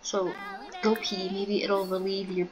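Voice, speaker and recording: A woman's voice: mid-range voice, flat delivery, a little slow, a crowd in the background, rough recording. A young woman giving casual, giggly commentary over a life-sim game, reacting with stammers and exclamations. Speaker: gaming YouTuber.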